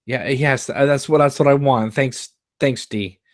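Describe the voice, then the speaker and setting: A man's voice: medium pitch, no room sound, studio quality, voice pushed up, natural voice. A man reading as a wry, troubled teenage girl. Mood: needy. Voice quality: halting, wry.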